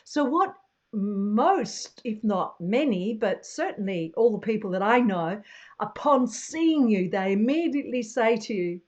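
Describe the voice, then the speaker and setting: A woman in her sixties, a travel vlogger chatting to camera in a chatty, animated way and laughing often. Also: medium pitch, a little slow, lo-fi sound. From Australia. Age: 60s. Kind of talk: casual chat to camera.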